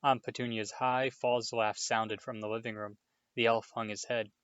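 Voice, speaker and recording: Male audiobook narrator, steady plain reading; dull, dry close-mic sound. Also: mid-range voice, normal speed, clean tone, no room sound. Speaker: audiobook reader. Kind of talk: storybook narration. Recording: dull, dry home recording.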